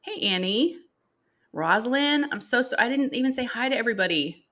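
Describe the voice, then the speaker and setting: A woman's voice: a little high, expressive, fairly quick, a bit bright. A middle-aged woman, hosting a casual livestream chat, chatty and laughing often as she greets viewers. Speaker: livestream host.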